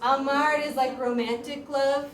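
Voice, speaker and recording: A woman teaching a classroom grammar lesson as a high school Spanish teacher, talking in a lively, chatty way with lots of "like". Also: a little slow. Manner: lively, chatty, uses "like" often. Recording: echoey classroom, voice far from mic, faint room noise.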